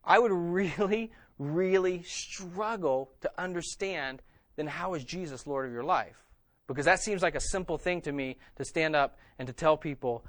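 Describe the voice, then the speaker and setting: A man with a higher-leaning voice preaches at a measured pace, with no echo in the recording. His preaching is conversational, and he regularly checks in with listeners by asking "okay?"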